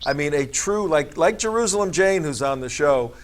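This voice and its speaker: A man's voice: on the high side, expressive, moderate pace. A man hosting a talk show, rambling and jokey with his guest. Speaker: show host.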